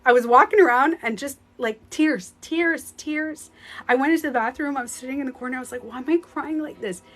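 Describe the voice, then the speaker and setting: Broadcasting a casual phone livestream from home, a spiritual life coach speaks earnestly in a high, slightly bright voice at a fairly quick pace, rambling and laughing frequently.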